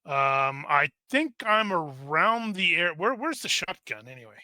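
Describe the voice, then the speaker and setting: A man's voice: fairly high pitch, big pitch swings, measured pace, sharp tone, no room sound. A man playing in a tabletop role-playing game, joking and playful as he talks through his moves. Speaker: player. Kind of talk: casual tabletop play.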